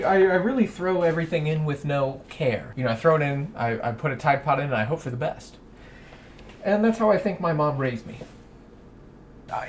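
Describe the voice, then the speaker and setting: A man's voice: fairly high pitch, a little hiss or hum. Rambling, self-deprecating young man. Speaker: vlogger. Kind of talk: casual vlog monologue. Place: at home, doing laundry and in his bedroom.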